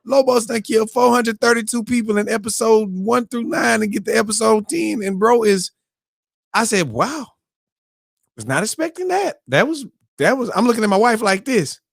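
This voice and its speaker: A man hosting a morning show, telling a story in a lively, excitable way and acting out his own reactions. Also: sits high, moderate pace, gravelly, no room sound, clean studio sound. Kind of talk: animated casual storytelling.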